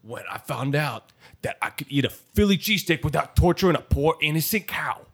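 A man's voice: fairly high pitch, animated, a little fast. A man with a put-on Italian-American accent, performing a pushy, insistent salesman in an improvised comedy sketch and repeating himself often.

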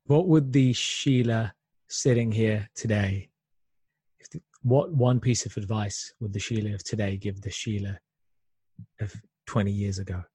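A man hosting a podcast, chatting easily with his guest. His voice is husky and slightly breathy, and the recording is dry and close with no room sound. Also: on the low side, fairly even intonation, measured pace, warm tone, no echo. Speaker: podcast host. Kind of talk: casual interview chat.

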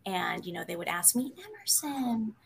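Slow, bright-voiced woman telling her story. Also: medium pitch, a little hiss or hum. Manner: hesitant, many pauses and fillers; candid and emotional. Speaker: interview guest, psychotherapist. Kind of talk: personal storytelling in a conversation.

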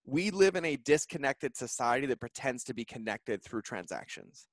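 A man in his thirties, a podcast guest, telling an emotional personal story in an earnest, heartfelt way with fast run-on phrasing. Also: medium pitch, animated, no echo. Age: 30s.

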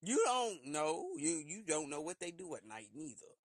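A man talking in a casual solo rant, animated and slipping into shrill put-on voices for quotes. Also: normal speed, dry recording. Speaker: podcast host.

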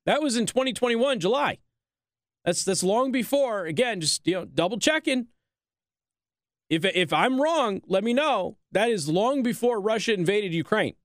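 A man hosting a talk show, delivering a sarcastic, animated political commentary monologue. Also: sits high, normal speed, no echo, studio quality.

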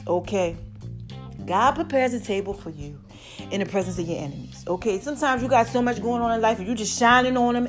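Hyped woman podcast host, higher voice. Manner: hyped, expressive, laughs often. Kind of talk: casual podcast monologue.

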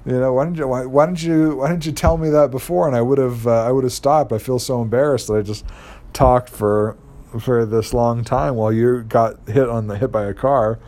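A man's voice: medium pitch, fairly even intonation, a little mellow, natural voice. A man telling a story while voicing a flustered young woman who apologizes in a rush. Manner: rushed, apologetic.

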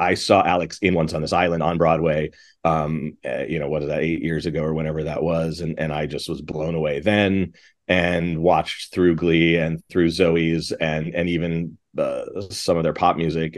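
A middle-aged man with a very deep, low voice talks as an interview guest. He rambles eagerly, restarting his sentences again and again as he gets caught up in his story. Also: little pitch movement, moderate pace. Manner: enthusiastic, rambling with many restarts. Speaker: composer and director guest. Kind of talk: casual interview talk.

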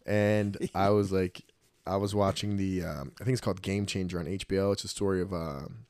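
A man's voice: deep voice, a little fast, no echo. A middle-aged man chatting casually as a podcast host, telling stories and acting out the voices of people in them. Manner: animated storyteller, acts out voices. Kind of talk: casual chat.

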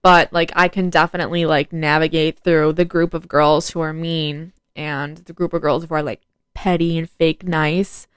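A woman's voice: deep voice, little pitch movement, moderate pace, clear, resonant tone, no room sound. A teenage girl hosting a casual solo podcast, talking frankly and saying "like" and "I don't know" a lot. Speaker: podcast host.

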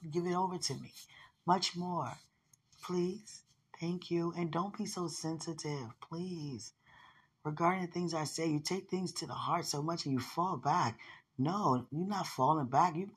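A woman with a low, husky, slightly hoarse voice speaks softly and intimately, as if to one loved person. She rambles warmly, leaning on "you know" often, and her soft voice drops into breathy quiet at times. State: a little hoarse.

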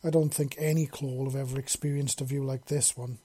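A man voicing a horned, scaly female lizard warrior who speaks softly and affectionately in a storybook reading. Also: mid-range voice, level tone, brisk, breathy edge, close to an everyday voice. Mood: soft, loving. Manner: soft, affectionate purring.

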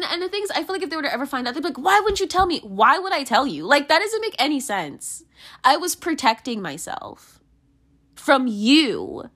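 A young woman in a candid monologue, rambling with many fillers and restarts, swearing and venting with emotion. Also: fairly bright tone. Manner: emotional, pitch swinging widely.

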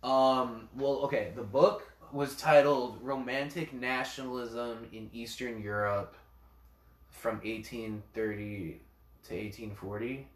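A man's voice: medium pitch, fairly even intonation, slow pace, distant mic. A man co-hosting a casual podcast, rambling through history with swearing and laughter. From Polish family background. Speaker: podcast co-host. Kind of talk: casual chat. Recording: roomy, from off the mic.

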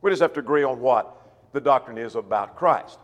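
A man's voice: medium pitch, animated, brisk, long reverb tail. A man preaching a Bible sermon, teaching verse by verse and repeating key phrases for emphasis. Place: church.

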